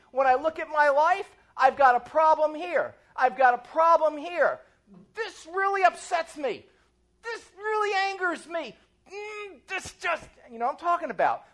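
Animated woman preaching a sermon. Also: sits high. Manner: animated, asks the congregation questions. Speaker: pastor.

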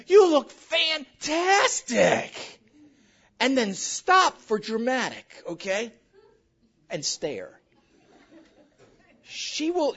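A woman pastor preaches with a bright, swooping voice that climbs and dips all the time. She tells joking stories right at her congregation. The recording sounds a little muffled. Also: a little high. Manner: animated, joking storytelling addressed to the congregation. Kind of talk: sermon.

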